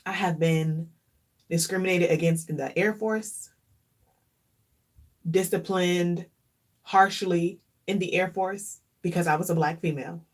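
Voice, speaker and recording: A woman vlogger speaks in a casual, heartfelt way, her voice sitting a little low. She turns reflective and openly emotional, often repeating a phrase to drive it home. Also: fairly even intonation, measured pace, pauses often. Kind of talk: casual chat.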